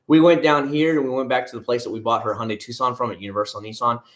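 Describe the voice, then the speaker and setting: A man's voice: mid-range voice, steady tone, fast talker, roomy sound. A man hosting a casual live stream, rambling in a chatty way and talking straight to his viewers by name, with many restarts and asides. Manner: talks directly to viewers by name. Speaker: live-stream host answering viewer chat.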